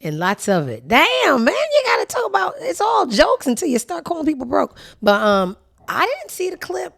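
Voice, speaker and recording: A woman's voice: high voice, huge pitch swings, moderate pace, gravelly, fairly bright tone. A woman hosting a casual commentary show, sassy, blunt and profane, speaking. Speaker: host.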